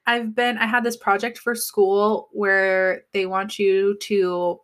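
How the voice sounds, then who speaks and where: A woman's voice: mid-range voice, slow. Young woman telling a story animatedly. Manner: animated storyteller acting out quotes. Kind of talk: casual chat.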